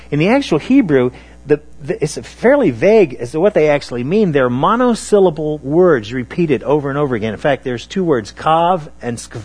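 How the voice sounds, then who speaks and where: A man preaching a sermon on scripture, talking in a halting way with many fillers and restarts. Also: fairly high pitch, darkish tone, husky.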